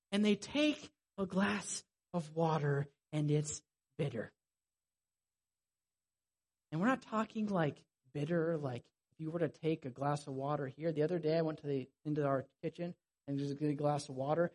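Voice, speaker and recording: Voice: medium pitch, moderate pace, a little mellow. A preacher giving a sermon in a conversational, vivid storytelling way.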